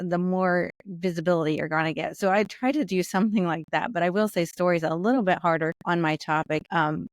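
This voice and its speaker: A woman guest on a podcast explaining her ideas over a remote call in a relaxed way, often saying "I feel like". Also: on the low side, no echo, studio quality. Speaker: podcast guest, business founder. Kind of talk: conversational interview answers.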